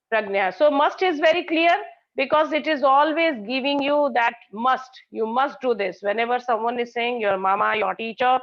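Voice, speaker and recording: A woman teacher, giving an online grammar class. She praises students and explains by repeating example sentences. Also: a little high. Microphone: video call. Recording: dull lo-fi call audio.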